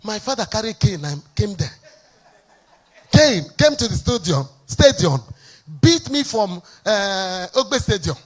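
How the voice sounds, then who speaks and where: A Nigerian woman pastor preaching a fervent sermon, slipping into sing-song phrases and shouted emphasis. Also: mid-range voice, sing-song, unhurried.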